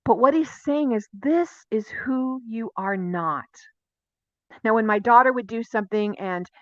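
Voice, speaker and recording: A woman teaching a Torah portion in a casual, animated way, acting out dialogue and asking her listeners questions. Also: a little high, a little slow, no echo. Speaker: Bible teacher. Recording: dry, dull lo-fi sound.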